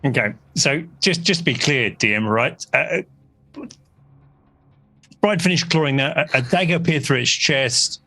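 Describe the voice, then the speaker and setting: A man's voice: mid-range voice, a little slow, long pauses, bright, forceful tone. A man playing in a tabletop game, recapping the scene in an amused way. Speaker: player. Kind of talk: casual game table chat.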